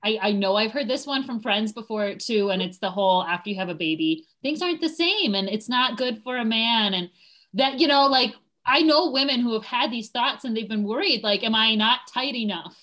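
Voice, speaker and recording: A woman's voice: on the high side, animated, brisk, fairly bright tone. A woman hosting an interview show, asking chatty personal questions and laughing easily. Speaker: host.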